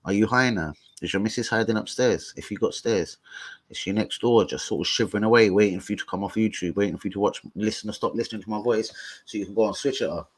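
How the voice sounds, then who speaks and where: A man's voice: on the low side, quick pace. A young man hosts a live stream. He chats in a slangy, profane style and trades insults with trolls in the chat.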